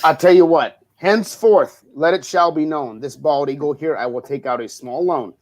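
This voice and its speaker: A man's voice: a little high, moderate pace. A man co-hosting a casual political talk show, blunt and emphatic, with frequent swearing. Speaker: co-host.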